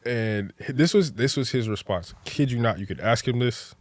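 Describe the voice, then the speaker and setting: A young man with an ordinary mid-range voice talks like a relaxed podcast guest, easygoing at first, then more animated and laughing as his stories build. The sound is dry and close, with no room around it. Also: medium pitch, normal speed, no echo. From New Jersey. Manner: laid-back, animated when telling stories, laughs often. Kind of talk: casual storytelling chat.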